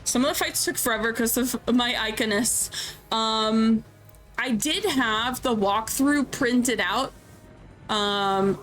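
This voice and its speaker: A woman's voice: fairly high pitch, fairly bright tone, poor audio. Chatty woman streamer, light voice. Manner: chatty and candid, reacts aloud. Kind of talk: casual gameplay commentary.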